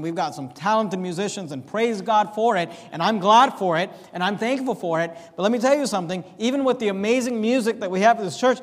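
A man's voice: high-pitched, long reverb tail. A man preaching a sermon as pastor of his church, with an emphatic, repetitive cadence. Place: church sanctuary.

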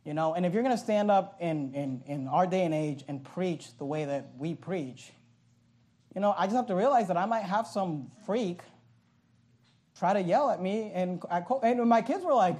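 A middle-aged man preaching a sermon as pastor, telling a story loudly and animatedly, now and then breaking into yelling. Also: sits high, normal speed. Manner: loud, animated storytelling from the pulpit; bursts into yelling.

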